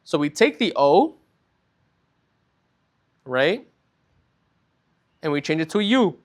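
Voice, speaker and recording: Very animated and fairly high-pitched, a man teaches Spanish in a recorded lesson. He walks through each step patiently, slowing to elongate key words and repeatedly confirming that students are with him.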